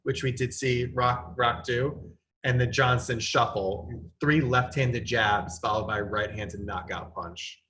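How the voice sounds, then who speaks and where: Bright-voiced man recapping with dry asides. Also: medium pitch, fairly even intonation, unhurried, a little hiss or hum. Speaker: podcast guest. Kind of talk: casual chat.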